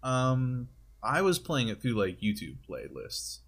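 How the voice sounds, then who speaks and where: A man's voice: medium pitch, wildly swooping pitch, a little slow, fairly bright tone. A man co-hosting a podcast in casual chat, rambling through a story with lots of fillers. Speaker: podcast co-host.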